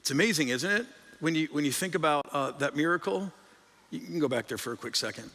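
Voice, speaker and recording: Man, pastor, sermon, bright forceful tone, slightly high voice, conversational with emphatic rises, church hall reverb. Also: lively intonation, fast, creaky. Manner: conversational, rises in pitch and volume for emphasis, repeats words. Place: church sanctuary. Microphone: stage microphone. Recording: long reverb of a large hall.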